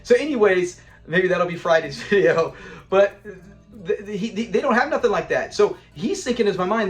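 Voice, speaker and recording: A man hosting a casual episode review, excitable, laughing often and acting out the characters' lines. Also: sits high, a little fast, soft background music. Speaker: episode reviewer, channel host. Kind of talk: casual video commentary.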